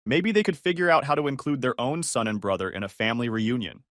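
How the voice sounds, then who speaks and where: A man narrating a first-person story in a calm, measured, wry manner. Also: medium pitch, dry recording, studio quality.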